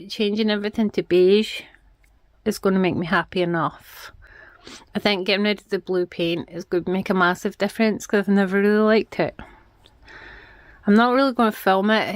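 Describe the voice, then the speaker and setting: A woman's voice: mid-range voice, no room sound. Chatty Scottish woman vlogging at home. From Scotland. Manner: chatty, frank, self-deprecating. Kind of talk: casual vlog chat while working. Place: small house, indoors, redecorating.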